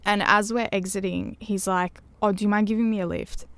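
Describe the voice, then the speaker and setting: A woman's voice: mid-range voice, brisk, no echo. A woman, a podcast guest chatting casually and telling a story, acting out what others said. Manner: animated, acts out quotes of others. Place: caravan music studio.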